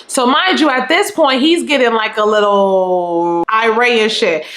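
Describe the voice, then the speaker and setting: A young woman with a Southern US accent tells a story in a casual, animated way, talking straight to the viewer. Her voice sits fairly high, and it echoes around a room that bounces the sound back. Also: measured pace. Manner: animated, chatty, fills talk with "you know what I'm saying". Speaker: storytime vlogger.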